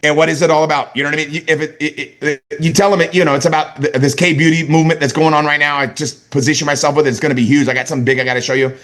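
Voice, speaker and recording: Middle-aged man from California, motivational sales trainer, punchy and repetitive, bright forceful tone, slightly high-pitched. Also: fairly even intonation, very fast, hardly any pauses. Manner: emphatic, repeats catchphrases, asks "right?" and "okay?". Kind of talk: energetic motivational talk.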